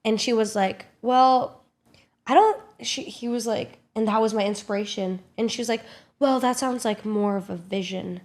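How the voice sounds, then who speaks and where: A young woman streamer telling a story in a casual vlog, quick and animated, full of fillers and swearing, acting out what others said. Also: medium pitch. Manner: animated, swearing, filler-heavy, acts out quotes.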